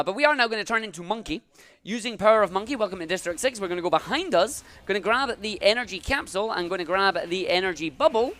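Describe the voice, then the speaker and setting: A man's voice: sits high, fairly bright tone. A man giving upbeat live commentary as he speedruns, talking through each move as he plays.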